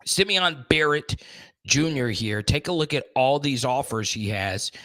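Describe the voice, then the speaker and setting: Young adult man, sports stream host, energetic and chatty, mid-pitched voice, dry close recording. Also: a little slow, dry recording. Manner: energetic, chatty, greets viewers by name. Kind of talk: casual live-stream chat.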